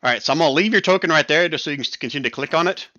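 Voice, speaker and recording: Man, dungeon master, bright voice, laid-back, lo-fi voice chat. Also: fairly high pitch, racing, dry recording. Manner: laid-back, explains rules plainly. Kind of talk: running a tabletop game online. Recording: dull, lo-fi voice chat.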